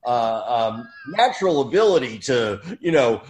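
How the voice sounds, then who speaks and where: A man's voice: medium pitch, big pitch swings, unhurried, a little mellow. A man in casual comedy chat, telling rambling stories and jokes with a laugh. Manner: rambling, joking storyteller.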